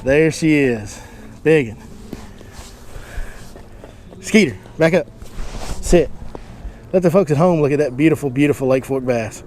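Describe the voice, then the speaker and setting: A man, a fishing guide giving excited commentary from a boat and chatting to his dog in baby talk. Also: on the high side, measured pace, pauses often, a little hiss or hum. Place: on a boat on a lake, outdoors.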